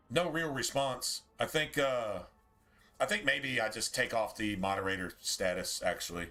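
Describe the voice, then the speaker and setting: A man with a medium-pitched, bright, forceful voice talks at a normal speed while streaming a game. He chats casually and directly to his viewers, rambling and swearing freely.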